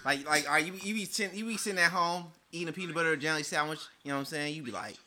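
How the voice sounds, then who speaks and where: Man, high voice, bright tone, animated joking host, slangy. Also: very fast, a little hiss or hum. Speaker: podcast host. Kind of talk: casual chat.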